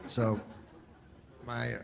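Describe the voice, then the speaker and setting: A man doing a stand-up comedy set, deadpan and rambling, with many asides and put-on voices. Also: extremely slow. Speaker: stand-up comic.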